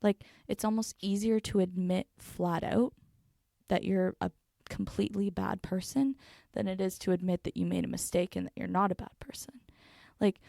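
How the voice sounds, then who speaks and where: A woman's voice: medium pitch, fairly even intonation, normal speed, creaky, warm tone, no echo. A young woman hosting her own podcast, thinking aloud in an earnest, reflective way with lots of fillers and restarts, sitting close to a microphone. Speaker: podcast host. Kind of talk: reflective solo podcast talk. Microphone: studio microphone, close.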